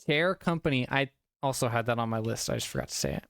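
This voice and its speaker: A man's voice: medium pitch, wildly swooping pitch, fast talker, gravelly, a bit bright, clean tone, dry recording. A young man streaming a casual movie review, a little tipsy from drinking, rambling and swearing with frequent laughs. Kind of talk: casual live-stream chat.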